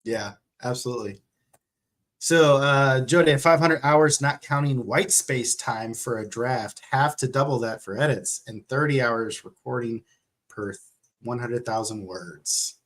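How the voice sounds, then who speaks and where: A man's voice: medium pitch, a little slow, a bit bright. An author hosting a casual conversation, a man with a mid-range voice. He keeps the tone upbeat and laughs easily. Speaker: author and host. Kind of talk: casual chat.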